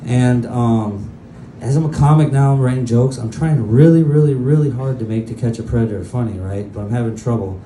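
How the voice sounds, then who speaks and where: A male comedian works a crude, self-mocking set in a loose, rambling manner. His mid-pitched voice is mellow and relaxed. A handheld mic catches a roomy club sound with faint ambience. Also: fairly quick, hardly any pauses, slight background noise. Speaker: stand-up comedian. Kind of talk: stand-up set.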